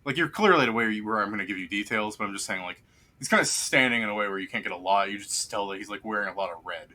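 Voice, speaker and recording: A man's voice: lowish voice, very fast, sharp tone. A man narrating a tabletop game as game master, describing scenes in a rambling way full of fillers.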